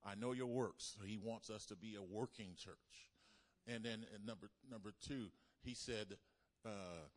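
A man preaching a sermon as pastor, animated, calling the congregation to respond. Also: lowish voice, normal speed.

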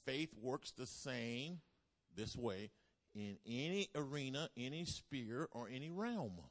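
A man's voice: mid-range voice, animated, slow. A man preaching a sermon, repeating key lines for emphasis and calling on the congregation to answer back. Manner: call-and-response preaching with emphatic repetition. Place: church service.

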